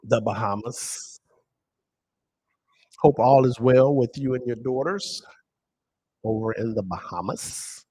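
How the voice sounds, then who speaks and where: A man's voice: mid-range voice, a little slow, warm tone. A man hosting a live stream and walking viewers through a screen, emphatic and asking himself questions he then answers. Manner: emphatic, asks and answers his own questions. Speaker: lottery stream host.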